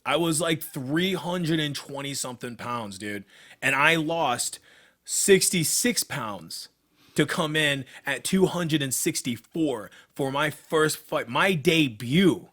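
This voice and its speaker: A man's voice: a little high, expressive, slow, fairly bright tone. A young man co-hosting a casual podcast, talking about his fighting career in a blunt, profane, worked-up way. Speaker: podcast co-host, MMA fighter.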